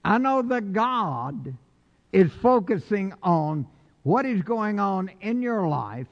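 A man preaching a sermon in a church, folksy and slowing down to stress his points. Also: high voice. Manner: folksy, slows down for emphasis. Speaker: pastor. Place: church sanctuary. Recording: dull reverberant church recording.

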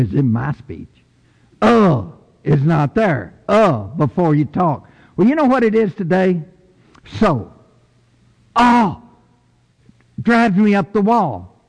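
An older man preaches from the pulpit in a high, emphatic voice. He takes his time and leans hard on key words, sometimes climbing sharply in pitch. The sound rings with a long reverb, as in a large church. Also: gravelly, darkish tone. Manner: slow, emphatic preaching with rising outbursts. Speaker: pastor. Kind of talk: sermon.

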